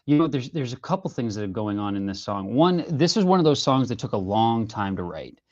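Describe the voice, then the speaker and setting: An earnest man talks through his story in a casual interview, animated and full of fillers. His voice sits at a middling pitch. The sound comes over a dull, lo-fi video call line. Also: a little fast. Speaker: singer-songwriter guest.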